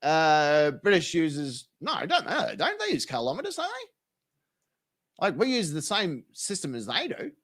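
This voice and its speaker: Lively sweary Australian man. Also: on the high side, a little slow. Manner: swearing, slangy, jokey explaining. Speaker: reaction channel host. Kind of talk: casual reaction commentary.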